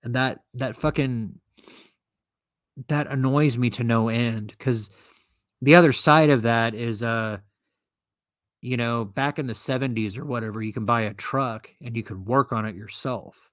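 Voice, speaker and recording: A man's voice: mid-range voice, measured pace, fairly bright tone, no echo, studio quality. A man hosting a podcast and ranting alone, sarcastic, profane and indignant as he reads from and mocks an article. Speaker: podcast host. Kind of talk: solo commentary rant.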